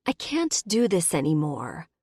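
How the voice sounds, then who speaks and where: A woman's voice: low-pitched, big pitch swings, measured pace, darkish tone, husky, dry recording, studio quality, heavily acted. A woman voicing a hurt but hopeful young human heroine, talking in pleading, emotional lines. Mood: pained.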